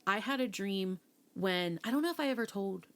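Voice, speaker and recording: A woman's voice: mid-range voice, lively intonation, normal speed. A young adult woman co-hosting a podcast, telling a story in casual chat and acting out quoted lines. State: pregnant. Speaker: podcast co-host.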